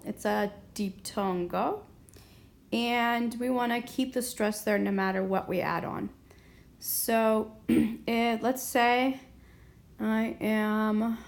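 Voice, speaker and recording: A woman gives a grammar lesson, walking through each step patiently and checking in with the class as she goes. She speaks slowly and deliberately, in a somewhat high voice. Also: creaky. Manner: patient, explains step by step, often asks "okay?". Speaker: Spanish teacher.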